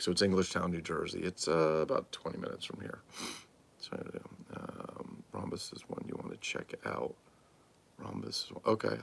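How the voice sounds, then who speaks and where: A toy collector hosts a casual livestream from the collectibles room in his home, rambling and responding aloud to viewers' comments. His voice sits low, creaky and a bit bright, with slight background noise.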